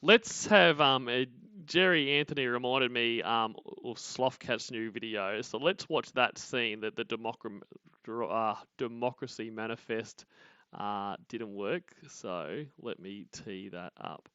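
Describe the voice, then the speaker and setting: A man hosting a stream, talking casually and haltingly with many fillers. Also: mid-range voice, bright, forceful tone, clean tone, dry recording, muffled recording. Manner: halting, full of "um" and "uh". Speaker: streamer host.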